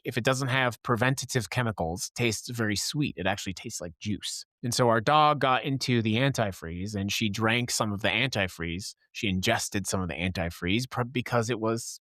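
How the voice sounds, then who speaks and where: A man's voice: on the low side, a bit bright, dry recording, clean studio sound. A middle-aged man from Wyoming hosting a late-night show, telling personal stories in an earnest, impassioned monologue. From Wyoming, USA. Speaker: podcast host.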